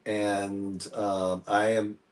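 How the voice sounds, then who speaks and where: A man co-hosting a casual real estate panel chat, telling stories in a chatty way and trailing off softly at the ends of his thoughts. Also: lowish voice, little pitch movement, very slow. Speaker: real estate agent and co-host. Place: Houston.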